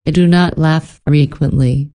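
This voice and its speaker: Brief: a woman reading a scornful, ironic gentleman in a low, dark voice, storybook reading. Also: steady tone, unhurried. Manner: ironic, disdainful. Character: insolent, ironic older gentleman stranger.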